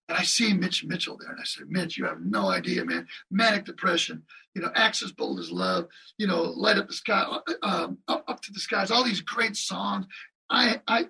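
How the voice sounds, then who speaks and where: A man with a high, very husky voice tells animated stories, swooping all over his range. He acts out other people's lines and sings drum beats as he goes. He sounds set back from the mic. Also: distant mic, low-quality recording. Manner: lively anecdotes with voiced impressions and drum sounds. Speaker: guest drummer. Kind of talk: animated storytelling in an interview.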